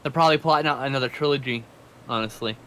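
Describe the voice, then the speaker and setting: A young man hosting a casual livestream watch-along, relaxed and opinionated, swearing freely as he chats. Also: medium pitch, fast talker, a little hiss or hum. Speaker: host of a group viewing stream.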